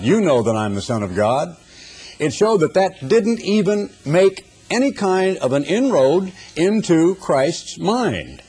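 Husky older man preaching folksy sermon. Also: on the high side, big pitch swings, measured pace, a little mellow. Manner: folksy storytelling with humorous asides. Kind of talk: sermon with anecdotes.

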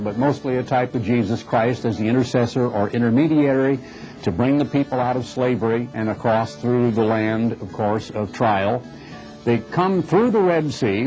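A man preaching a recorded sermon, emphatic and slowing down on key phrases, from the United States. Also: medium pitch, darkish tone. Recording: dull lo-fi recording with faint music.

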